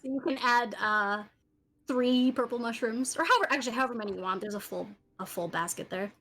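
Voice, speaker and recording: A woman runs a tabletop game as dungeon master, describing rooms and tunnels. Her voice sits a little high and she keeps breaking into laughter as she narrates. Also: fairly quick, a bit bright, slight background noise, rough recording. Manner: laughs often while narrating.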